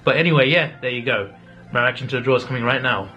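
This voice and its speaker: Casual young male vlogger, mid pitch, relaxed and chatty, light music bed. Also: fast, highs cut off. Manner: chatty, pleading and groaning at a draw. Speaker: YouTuber. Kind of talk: casual vlog and live reaction.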